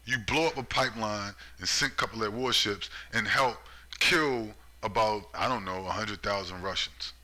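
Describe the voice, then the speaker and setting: Casting note: ranting political commentator, a man with a very bright, sharp voice, sarcastic and profane. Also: fairly low pitch. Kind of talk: ranting monologue.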